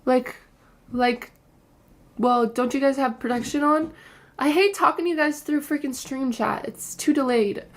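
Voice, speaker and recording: High-voiced young woman venting on stream. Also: measured pace. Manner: frustrated, swearing, rambling.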